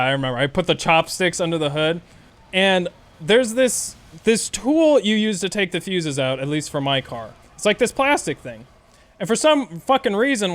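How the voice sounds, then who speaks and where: Streamer, male, high voice, casual profane storytelling, animated rant.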